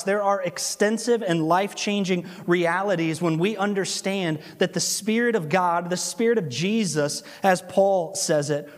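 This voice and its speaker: A man in the pulpit preaching to his congregation, animated when he tells a story and slow when he drives a point home. His voice sits a little high for a man. The sound carries a long reverb from the church hall. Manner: animated storytelling, slows for emphasis. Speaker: pastor. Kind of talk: sermon. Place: church sanctuary.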